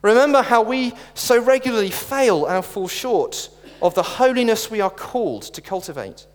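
A man delivers a sermon, his high voice leaping about with expressive swings. He mixes earnest conviction with wry, self-aware jokes. The sound carries the long reverb of a church hall. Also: moderate pace. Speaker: preacher.

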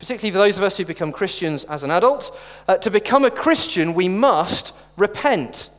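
A man's voice: high-pitched, expressive, a little fast, a bit bright. A middle-aged man preaching a sermon in a church, earnest with wry asides and jokes. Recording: reverberant church hall.

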